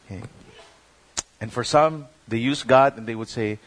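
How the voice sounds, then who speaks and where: A man's voice: mid-range voice, normal speed. A middle-aged man with a Filipino accent, preaching a sermon and switching between English and Tagalog, acting out the quotes he tells. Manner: mixes English and Tagalog, animated, acts out quotes. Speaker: pastor.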